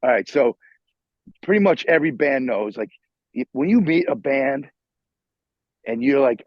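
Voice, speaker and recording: A middle-aged guitarist from New York, guesting on a casual interview, tells an animated story full of swearing and restarts. His husky voice is at an ordinary pitch, and he talks at a measured pace with long pauses. The video call audio is muffled, dull, and dry, with no room sound.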